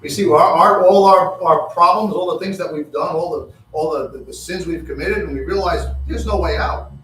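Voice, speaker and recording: A man preaching a sermon, halting and repeating words, acting out quotes with rising excitement. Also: on the high side. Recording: echoey room from far off with faint hum.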